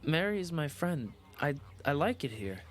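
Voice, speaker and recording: A man's voice: on the high side, very animated, normal speed. An actor playing an earnest, anxious bullied orphan boy who stammers when upset.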